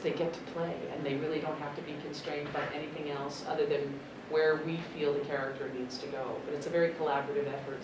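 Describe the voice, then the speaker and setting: A woman who works as a voice actor and dub director, answering press questions in a chatty, expressive way, thinking aloud. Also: sits low. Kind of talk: press interview answers at a convention. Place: convention press room. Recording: echoey convention room, distant mic, loud background noise.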